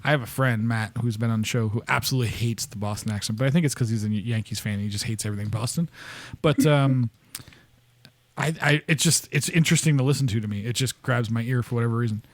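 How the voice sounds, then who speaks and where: A man's voice: medium pitch, fast talker. Give me a rambling, profane podcast host, a man. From upstate New York. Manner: rambling, profane, laughs often. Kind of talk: casual chat.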